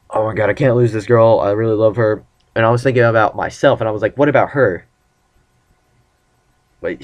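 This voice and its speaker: In a casual vlog, a teenage boy rambles about his relationship and performs the lines of the conversations he retells. His voice is lowish and a little mellow.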